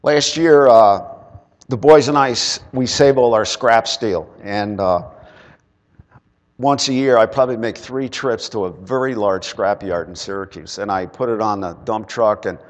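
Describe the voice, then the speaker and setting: A man's voice: lowish voice, unhurried. Preacher man with a long hall reverb. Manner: animated storyteller, loud bursts then quiet drops. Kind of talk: sermon with personal storytelling.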